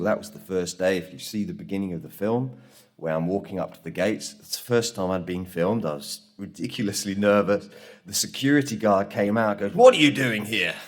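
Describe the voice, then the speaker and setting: Male conference speaker, deep-pitched, lively storyteller who acts out quotes. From England. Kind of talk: conference talk. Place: conference room.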